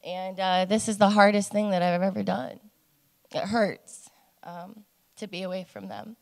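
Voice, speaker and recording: A woman gives a personal testimony in front of a congregation, hesitant and earnest, pausing often to find her words. Her voice is smooth and clear but stays flat in pitch. A long reverb from a large sanctuary hangs on her words. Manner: hesitant, many ums, speaking softly and earnestly. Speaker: congregation member giving a testimony. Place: church sanctuary.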